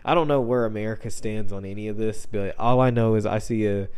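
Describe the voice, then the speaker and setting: Young dude rambling on his own pod, slang everywhere, kinda low voice. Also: brisk, a little mellow, clear, resonant tone. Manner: loose, rambling, heavy slang and filler words. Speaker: podcast host. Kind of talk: rambling solo podcast monologue.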